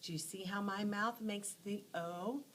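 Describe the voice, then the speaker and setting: A woman teacher telling short animal stories to teach letter sounds, acting out each sound with lively expression. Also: medium pitch, measured pace, poor audio. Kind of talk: phonics lesson storytelling.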